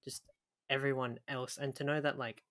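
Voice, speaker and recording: A man from Australia, chatting as a podcast guest at a mid pitch. His voice is bright and forward, and he rambles, restarting his sentences often. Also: level tone, moderate pace. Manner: laughing, rambling, stumbles over words. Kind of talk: casual podcast interview.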